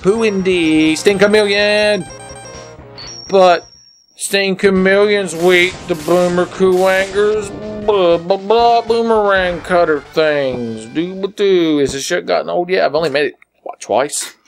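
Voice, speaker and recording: A young man slurring a little while drinking, giving rambling, profane commentary on a game as he plays it, swinging between low mutters and sudden yells. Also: takes it slowly, faint music behind. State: slightly drunk, slurring. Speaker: gaming video maker. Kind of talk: drunken let's play commentary. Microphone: headset.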